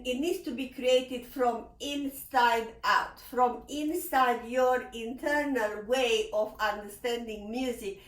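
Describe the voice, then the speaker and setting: Slow-talking piano teacher woman in an echoey room. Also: fairly high pitch, far from the mic. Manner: expressive, sings phrases, laughs often. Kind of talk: piano lesson explanation. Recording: roomy echo, slightly off-mic. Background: piano playing.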